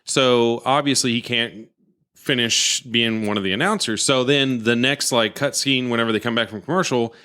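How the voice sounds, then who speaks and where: A man's voice: mid-range voice, moderate pace, clear, resonant tone. A man in his thirties, a podcast co-host telling a story in casual chat and acting out the quotes. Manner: animated storyteller, acts out quotes.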